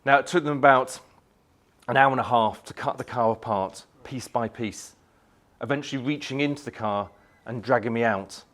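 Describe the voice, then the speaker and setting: A man's voice: medium pitch, normal speed, fairly bright tone. A man giving a live motivational talk, energetically leading the crowd in chants and telling his story. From Yorkshire, England. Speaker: motivational speaker. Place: indoor event hall, live audience.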